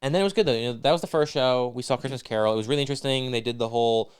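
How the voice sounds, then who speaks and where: Male podcast co-host, crisp resonant voice, sarcastic and crude, teasing. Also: medium pitch, very fast. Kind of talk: casual chat.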